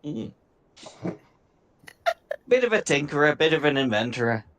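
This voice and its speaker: A man's voice: fairly high pitch, sing-song, unhurried, fairly bright tone. A man voicing a friendly male gnome tinkerer in a put-on Irish accent, chatty and welcoming.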